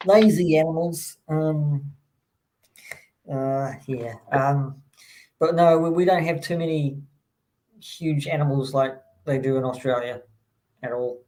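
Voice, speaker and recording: A man's voice: a little high, takes it slowly, long pauses, warm tone, rough recording. A man hosting a casual chat, rambling with lots of ums and restarts. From New Zealand.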